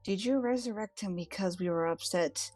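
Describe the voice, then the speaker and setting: A woman's voice: mid-range voice, normal speed, darkish tone, dry recording, faint music behind. A woman playing a tabletop role-playing game, describing her character's actions casually with many fillers. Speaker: player.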